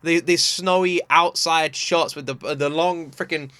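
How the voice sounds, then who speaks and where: A man hosting a reaction video from home, gushing and animated, stumbling over his words as he talks. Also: on the high side, a little slow, smooth, dry recording. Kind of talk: excited casual reaction commentary. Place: room at home by a sunny window.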